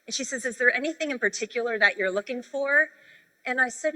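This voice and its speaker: A woman speaking at a sales convention, coaching the audience in a conversational, animated storytelling manner. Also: sits high, fairly quick. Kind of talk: sales training talk on stage. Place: large convention hall. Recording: reverberant convention hall.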